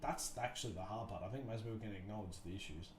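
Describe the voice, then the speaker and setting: A man's voice: fairly low pitch, quick pace, a little hiss or hum. Rambling man on a livestream, roomy echo. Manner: rambling, thoughtful, many restarts and fillers. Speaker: livestream host. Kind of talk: casual livestream chat. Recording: roomy echo, faint music behind.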